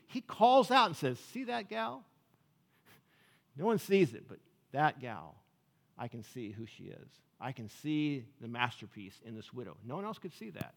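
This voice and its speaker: A man's voice: fairly high pitch, fairly bright tone. Chatty man preaching in a reverberant hall. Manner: chatty, asks the congregation "right?" often. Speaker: pastor. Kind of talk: conversational sermon. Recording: long reverb of a large hall.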